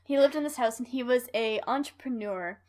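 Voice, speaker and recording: A woman's voice: fairly high pitch, fairly quick, a little mellow. A woman co-hosting a podcast, telling a story in casual chat, rambling with lots of fillers and laughing often.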